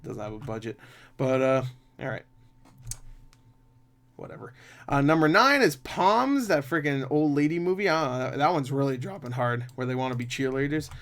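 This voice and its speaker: A man's voice: medium pitch, lively intonation, moderate pace, long pauses, fairly bright tone. A man chatting casually about box office numbers as a movie reviewer, swearing freely and laughing often.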